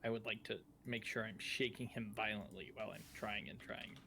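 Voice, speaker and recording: A man playing in a tabletop game, eager and loud as he describes what his character does. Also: lowish voice, fairly quick, vocal fry, slight background noise. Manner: eager, gets loud and excited. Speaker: player.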